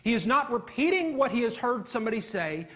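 High-voiced man preaching a sermon. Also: big pitch swings, brisk, a bit bright. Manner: earnest, emphatic preaching with repetitions.

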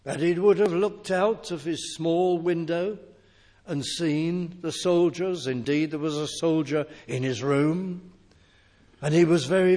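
Slow, measured preacher in a hall. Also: male voice, fairly high pitch, a little mellow. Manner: measured, emphatic preaching with deliberate pauses. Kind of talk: sermon. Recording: long hall reverb.

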